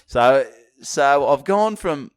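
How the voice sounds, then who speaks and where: A middle-aged Australian man co-hosting a podcast, telling stories in a casual, animated way and swearing often. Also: medium pitch, takes it slowly, smooth, no echo. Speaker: podcast co-host. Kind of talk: casual chat.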